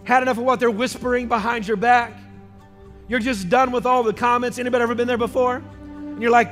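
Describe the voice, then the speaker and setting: A high-voiced male pastor delivers an emphatic sermon in a church, calling out questions to the congregation. Faint music sits beneath his voice. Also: fairly quick, a bit bright.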